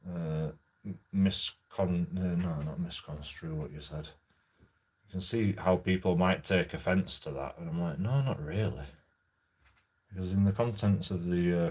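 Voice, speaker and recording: A man telling a rambling, sweary story about a night at a pub, with lots of halting restarts. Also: sits low, a little mellow, breathy edge. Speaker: vlogger. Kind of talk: casual storytelling monologue.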